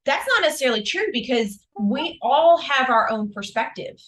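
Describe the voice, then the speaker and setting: A woman's voice: high voice, lively intonation, moderate pace, fairly bright tone, slight background noise. A woman host in casual interview chat, mostly giving short affirming replies. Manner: brief affirming backchannels. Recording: echoey room.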